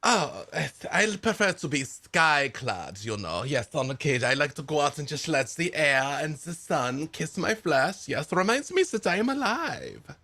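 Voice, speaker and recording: A man's voice: a little high, sing-song, moderate pace, few pauses, pushed and bright, voice pushed up, heavily acted. A man voicing a cheerful, carefree young man with a put-on German accent and broken, friendly phrasing. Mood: dreamy.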